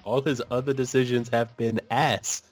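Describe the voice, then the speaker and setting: A man's voice: mid-range voice, fairly even intonation, normal speed, faint music behind. A man co-hosting a podcast in casual chat, blunt and sarcastic, swearing freely. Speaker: podcast co-host.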